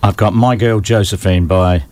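Very deep-voiced man as guest DJ. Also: fairly even intonation, darkish tone, no echo. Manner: halting, eager music talk. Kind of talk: casual studio chat. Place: radio studio.

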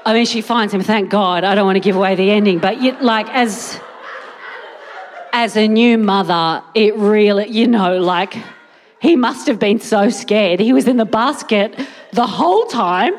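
A woman's voice: mid-range voice, a little slow. A young adult woman doing a stand-up comedy set on a live stage, rambling and incredulous with wry asides. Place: live theatre stage with audience. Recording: live venue with faint crowd noise.

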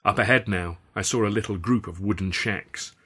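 A man's voice: on the low side, normal speed, pushed and bright, breathy edge. A man reading his own first-person story aloud in a wry, dry storytelling manner. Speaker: author and reader.

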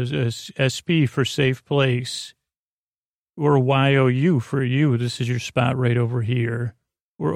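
A man hosting a sleep podcast, talking in creaky, soothing tones with rambling, filler-heavy bedtime talk. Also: mid-range voice, no room sound, clean studio sound. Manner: rambling, full of fillers and tangents.

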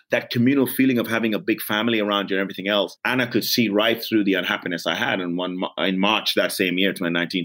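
Low-voiced man from Gambia, blunt and earnest. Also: fairly bright tone. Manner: blunt, earnest, self-reflective. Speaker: actor, interview guest. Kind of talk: candid reflective interview talk.

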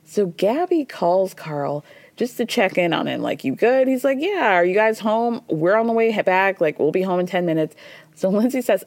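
A woman in her thirties recapping reality TV in a casual, animated storytelling way, quoting people as she goes. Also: mid-range voice, moderate pace, no echo. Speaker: podcast host recapping reality TV.

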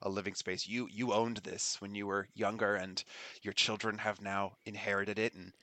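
A man's voice: on the low side, level tone, normal speed, sharp tone, no echo. A man narrating a tabletop game as game master, rambling and laughing as he goes. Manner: rambling, laughing, self-correcting.

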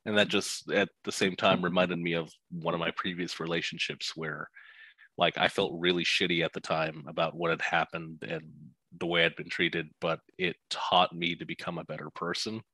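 A man's voice: sits low, flat delivery, moderate pace, bright, forceful tone, no echo, rough recording. A young man talking casually and reflectively about a hard experience, with frequent fillers. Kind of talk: personal reflection on a podcast.

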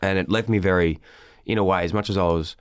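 An Australian podcast host with a very low voice talks loosely, swearing and wandering through a long story. The sound is close and dry, with no room around it. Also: male voice, steady tone, fast talker, clean tone, no echo. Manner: rambling, swears freely, trails off and restarts. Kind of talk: casual podcast chat.

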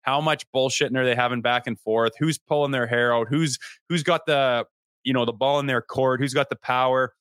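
A man's voice: mid-range voice, normal speed, smooth, no room sound. A man co-hosting a casual sports podcast, talking loosely and swearing as he tells stories. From Canada. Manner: loose, swearing, storytelling with animated quoted voices. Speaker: podcast co-host.

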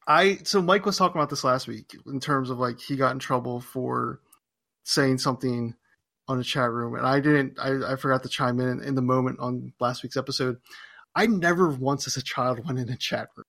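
A man's voice: mid-range voice, moderate pace, creaky, sharp tone. A man hosting a podcast, reading listener mail in a loose, joking way. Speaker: podcast host. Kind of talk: casual podcast chat.

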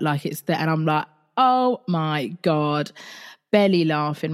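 Low-voiced woman telling a story. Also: a little mellow. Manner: candid, chatty, with casual swearing; recounts a dream in the present tense. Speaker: podcast host. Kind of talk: casual personal storytelling.

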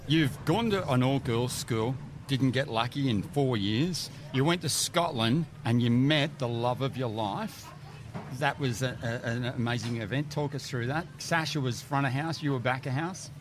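A male podcast host chats with a guest, teasing and playful. His voice sits at a middle pitch. Steady background noise sits under the recording. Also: moderate pace. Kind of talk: casual chat.

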